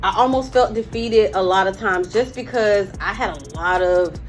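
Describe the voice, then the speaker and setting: A woman's voice: medium pitch, moderate pace, soft background music. A woman in her forties, a firearms instructor, telling her story candidly in a casual interview. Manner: candid storytelling, breaks into laughter retelling.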